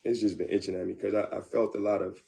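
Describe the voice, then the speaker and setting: In a candid interview, a guest with a deep, gravelly, dark voice looks back on a past relationship. He talks in halting bursts, often restarting and repeating himself, while his voice stays low and relaxed.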